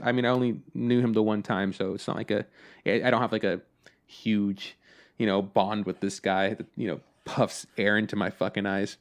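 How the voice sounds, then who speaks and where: Young male podcast co-host, animated storyteller, casual and profane. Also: fairly low pitch, fast. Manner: animated storytelling, acts out both sides of conversations; swears casually. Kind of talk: casual chat.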